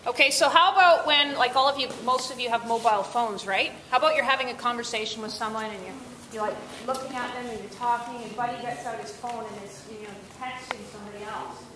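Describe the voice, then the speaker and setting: Bright-voiced woman teaching a teen class. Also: fairly high pitch, fast. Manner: upbeat, asks the class questions. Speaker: workshop presenter. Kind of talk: interactive talk to teens. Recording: echoey room, faint noise.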